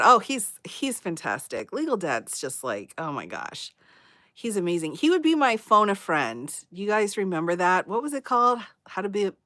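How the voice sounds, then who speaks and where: A woman's voice: mid-range voice, no echo, studio quality. A woman hosting a casual livestream, laughing often and reacting to viewers' comments. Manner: giggly and animated, laughs often, reacts to chat. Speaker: livestream host.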